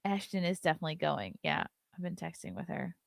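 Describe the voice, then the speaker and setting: Gravelly low-voiced woman hosting a stream. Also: fast talker, no room sound. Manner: chatty and loose, reads viewer chat aloud and swears casually. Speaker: live-stream show host. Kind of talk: casual live-stream chat.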